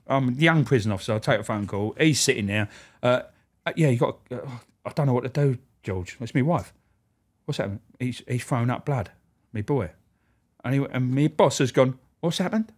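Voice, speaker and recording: Swearing ex-prison officer. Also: male voice, medium pitch. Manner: animated, acts out quoted voices. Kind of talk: candid storytelling, swearing.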